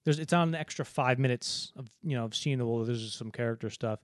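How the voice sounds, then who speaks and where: A man's voice: mid-range voice, no echo. Rambling male podcast host, dry close sound. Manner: rambling, acts out movie lines in quick put-on voices. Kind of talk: casual film discussion.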